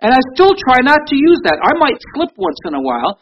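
A man's voice: very high voice, wildly swooping pitch, fairly quick. A middle-aged man, a pastor, preaching a sermon in a conversational way, often restarting his sentences. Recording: dull lo-fi recording with faint noise.

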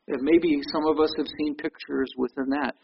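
A man's voice: on the high side, fairly even intonation, moderate pace, vocal fry, slightly rough. A middle-aged man, a pastor, preaching a sermon in a conversational way, often restarting his sentences. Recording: dull lo-fi recording with faint noise.

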